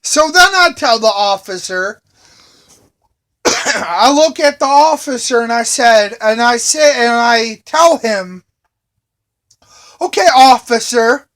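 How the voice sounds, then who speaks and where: A man's voice: extremely high pitch, expressive, slow, fairly bright tone. A man telling a story in an angry, indignant rant, repeating the same phrases over and over. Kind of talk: angry ranting monologue.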